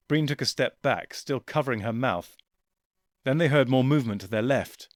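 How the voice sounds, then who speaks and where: A man narrating a science fiction audiobook in a measured, quiet storytelling voice. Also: mid-range voice, dry recording. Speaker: audiobook reader. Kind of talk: scripted narration.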